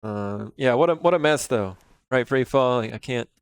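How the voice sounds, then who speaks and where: A laid-back man in his thirties rambles easily through a live-stream chat. His voice is smooth and clean, sitting at a middle pitch. The sound is close and dry, with no room around it. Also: normal speed, no room sound. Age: 30s. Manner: relaxed and rambling, chatting with viewers while working.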